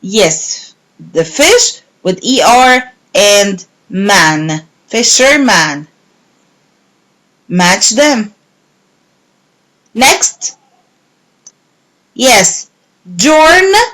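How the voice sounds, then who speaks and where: A woman teacher giving a recorded English lesson to young pupils, repeating words slowly and clearly. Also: mid-range voice, big pitch swings, fairly bright tone, poor audio. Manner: slow, clear, repeating words and clapping syllables.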